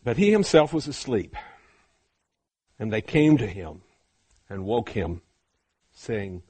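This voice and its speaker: A man preaching a sermon, swinging from hushed, slow passages to loud, fervent ones. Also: lowish voice, very animated, slightly rough, no room sound.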